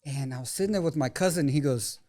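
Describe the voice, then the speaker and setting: A man's voice: fairly high pitch, quick pace, warm tone. A man co-hosting a podcast in casual chat, telling stories in an easygoing way and swearing casually. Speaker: podcast co-host.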